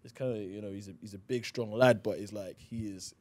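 A man's voice: fairly low pitch, fairly even intonation, fairly quick, a little mellow. A man with a South London accent, a guest chatting casually in a radio interview and rambling with lots of "you know". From England. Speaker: actor guest.

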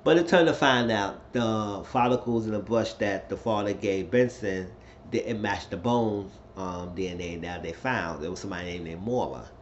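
Casual lower-voiced man recapping a show. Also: moderate pace. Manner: rambling, excitable retelling. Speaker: TV episode reviewer. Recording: slightly dull lo-fi recording, faint noise.

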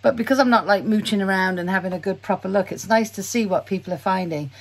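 A woman's voice: medium pitch, fast. A woman with a British accent, chatting casually at home in her vlog, rambling and often laughing at herself. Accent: British English. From Britain. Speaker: vlogger. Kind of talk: casual day-in-the-life vlog.

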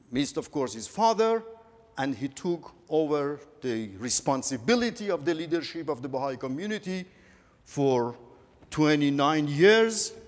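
A man giving a conference talk, halting and earnest, often repeating words as he goes. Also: fairly high pitch. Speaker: conference speaker. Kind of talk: lecture on religious history. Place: large conference hall. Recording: echoey conference hall.

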